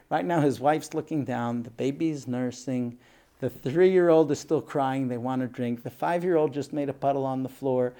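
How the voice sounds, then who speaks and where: A man giving a talk and telling a lively story, acting out voices along the way. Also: medium pitch, normal speed. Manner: animated storyteller, acts out voices. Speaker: speaker.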